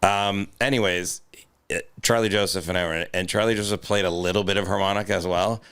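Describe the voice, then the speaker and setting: A man with a fairly low voice rambles through a story in casual podcast chat, swearing freely along the way. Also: fairly even intonation, brisk, a bit bright, clear, resonant tone. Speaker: podcast co-host.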